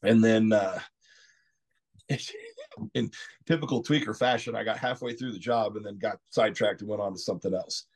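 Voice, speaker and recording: A middle-aged man from Texas, a podcast guest telling his story candidly, rambling and clearing his throat often. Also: on the low side, big pitch swings, normal speed, pauses often. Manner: frequent "you know" asides.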